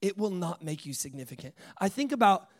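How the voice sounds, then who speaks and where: A man preaching a sermon, telling stories with lively acted-out dialogue, dropping to hushed lines and rising to loud bursts. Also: sits high, a little fast. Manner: animated storytelling, acts out dialogue, swings from hushed to loud.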